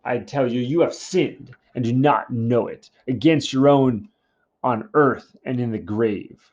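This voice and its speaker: A man's voice: mid-range voice, a little slow, darkish tone, close to an everyday voice. A man reading aloud as an old, blind, defiant prophet who answers a king, in a dull lo-fi recording. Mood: stern. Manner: reads the verse aloud, then slips into a casual modern paraphrase.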